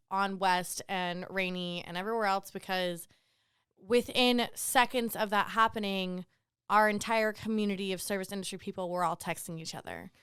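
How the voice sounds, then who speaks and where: A woman bartender co-hosting a casual podcast, chatty and quick to laugh, often going off on tangents. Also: medium pitch, fairly bright tone, clear, resonant tone, dry recording, studio quality. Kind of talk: casual chat.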